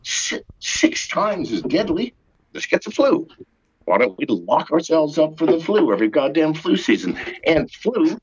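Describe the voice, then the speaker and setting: Husky older man ranting, lively pitch. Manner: profane, exasperated ranting with sarcastic jokes. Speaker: podcast guest. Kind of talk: ranting call-in interview. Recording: muffled lo-fi remote line.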